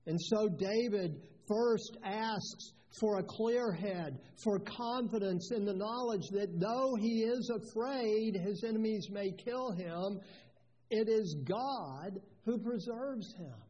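A man's voice: sits high, slow, warm tone. A man preaching an expository sermon as pastor, earnest and emphatic, repeating key phrases. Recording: dull lo-fi sound with long reverb.

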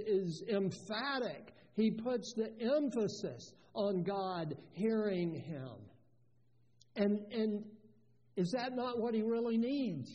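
A man's voice: high voice, dark tone. A man preaching an expository sermon as pastor, earnest and emphatic, repeating key phrases. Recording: dull lo-fi sound with long reverb.

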